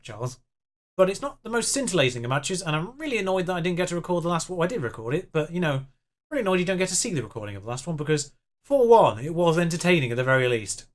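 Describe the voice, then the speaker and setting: Slightly high and fairly bright, a young man's voice narrates his own game as a YouTube player. He keeps up chatty, self-mocking let's-play commentary, muttering as the match goes on.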